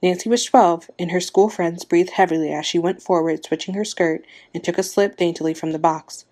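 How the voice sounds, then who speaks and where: A woman's voice: lowish voice, steady tone, fairly quick, a little mellow. A woman narrating a short story, reading aloud and giving the characters' lines small shifts of voice.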